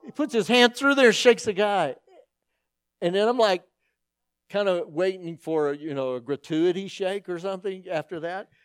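Middle-aged male pastor, animated humorous sermon storyteller, slightly high voice, dry close sound. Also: moderate pace, clear, resonant tone, no echo.

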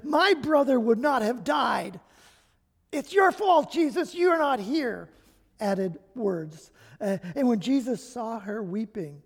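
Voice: medium pitch, warm tone. A pastor preaching a sermon, reading scripture aloud with dramatic emphasis and speaking in a personal, reflective way. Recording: long hall reverb.

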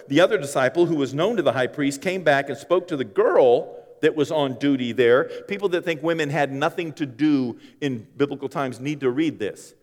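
Preacher in a reverberant hall. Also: male voice, mid-range voice. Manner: preaching with dramatic swings from loud to hushed, acting out quotes. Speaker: pastor. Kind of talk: sermon. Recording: long reverb of a large hall.

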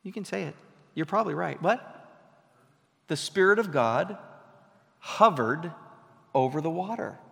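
A man's voice: a little high, lively intonation, a little slow, gravelly, pauses often, a bit bright. A man preaching a sermon as pastor, talking conversationally and then rising into emphatic bursts. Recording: long hall reverb.

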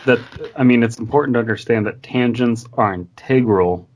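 A man's voice: mid-range voice, normal speed. A man on a podcast reading a horror story aloud and making wry remarks. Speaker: podcast co-host.

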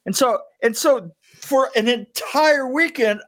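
A man's voice: very high-pitched, slow, long pauses, a bit bright. A middle-aged man telling a story as a podcast guest, rambling, stumbling over restarts and laughing at himself. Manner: rambling, stammering restarts, self-mocking laughter. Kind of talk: casual storytelling chat.

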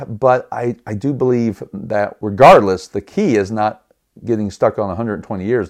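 A man's voice: fairly low pitch, a little mellow. A man teaching the Bible on a podcast in a conversational, earnest way, often restarting his words and putting questions to the listeners. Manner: appeals to listeners with rhetorical questions.

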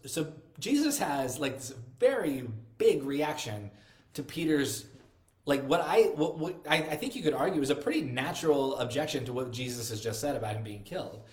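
A man preaching a sermon in a conversational way, often restarting and repeating words. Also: a little high. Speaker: pastor. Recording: echoey room.

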